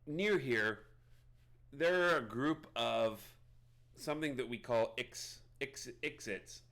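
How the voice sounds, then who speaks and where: A man voicing a stern, distrustful female fish-folk shaman who gives drawn-out, dramatic warnings. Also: mid-range voice, fairly bright tone. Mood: grave warning.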